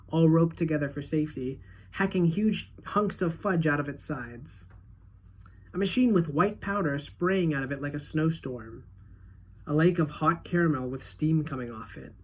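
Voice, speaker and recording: A woman teacher reading a children's book aloud to a class, in a steady, clear storytelling manner. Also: low-pitched.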